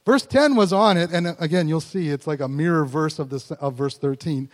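A man preaching a conversational sermon as pastor, animated and slowing down to stress scripture. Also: on the high side. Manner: conversational and animated, voice rising in bursts; slows down to stress scripture words. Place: church sanctuary. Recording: long hall reverb.

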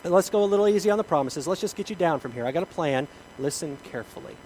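A man voicing God as a calm, reassuring presence in a sermon joke. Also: on the high side, quick pace, slight background noise, close to an everyday voice, low-quality recording. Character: calm voice of God speaking from above.

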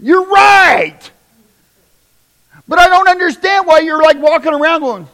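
A pastor preaches a fiery revival sermon to his church. His voice sits high for a man. He swings from shouted lines down to hushed, near-whispered ones. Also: animated, fairly quick, creaky.

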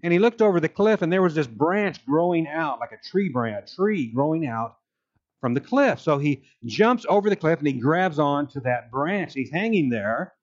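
An older male pastor delivers a sermon in a fairly high voice, telling a story in an earnest way and acting out the quoted lines. The recording sounds a little muffled. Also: sing-song, moderate pace.

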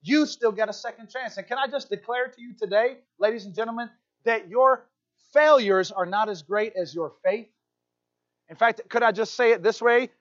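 Pastor, male, high voice, lively and joking, preaching in church, dull lo-fi recording. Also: normal speed. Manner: animated, playful asides, keeps asking "right?". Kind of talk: sermon. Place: church hall.

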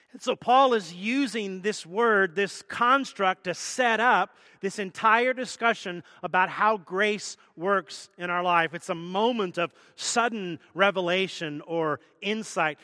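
Male pastor, high bright voice, chatty teaching sermon with jokes, dry mic but a long hall tail. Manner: conversational teaching with self-deprecating jokes.

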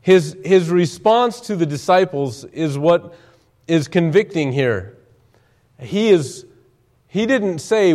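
A man's voice: high voice, big pitch swings, a little slow, darkish tone. A male preacher giving an evening sermon in a church, reading scripture aloud and explaining it earnestly. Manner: earnest, reads King James scripture then explains it.

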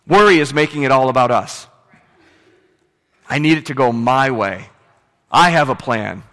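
Male pastor, sermon, quiet storytelling into emphatic preaching, fairly high voice, church hall reverb.

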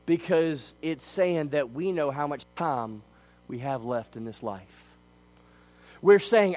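A man's fairly high voice carries an as he preaches from the pulpit. His delivery is emphatic, dropping low and soft and then climbing loud with conviction. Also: animated, slow, poor audio. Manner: emphatic preaching, swinging between quiet and loud. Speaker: pastor. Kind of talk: sermon.

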